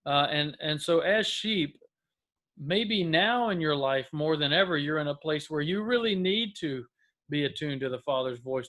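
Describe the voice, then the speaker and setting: A man's voice: a little high, a bit bright. A man, a pastor, giving an earnest mid-week devotional talk to camera, with frequent restarts. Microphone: camera close up.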